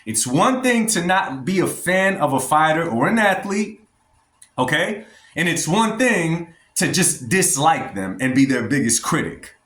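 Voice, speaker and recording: Man, vlogger, blunt and emphatic, talks to viewers, higher voice, echoey room. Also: sing-song, measured pace, fairly bright tone. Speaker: boxing vlogger. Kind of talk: opinionated commentary vlog. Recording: roomy echo.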